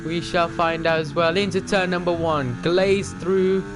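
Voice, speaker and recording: A young man streaming a racing game live, talking to the other drivers and calling his own laps in excited commentary. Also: fairly high pitch, measured pace, music in the background.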